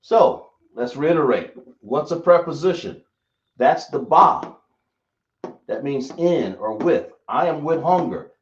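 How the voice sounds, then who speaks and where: A man teaching a language lesson, speaking slowly and often checking whether his listeners understand. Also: on the high side, animated. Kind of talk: classroom lesson. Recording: echoey room, dull lo-fi sound.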